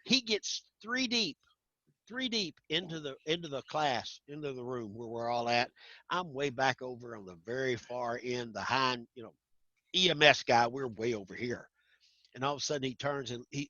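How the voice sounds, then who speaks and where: A man's voice: medium pitch, moderate pace, dry recording. A middle-aged man from Arkansas, casually telling stories and acting out the voices in them. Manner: animated, acts out voices in anecdotes. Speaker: guest storyteller. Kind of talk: casual storytelling chat. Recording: dull lo-fi sound.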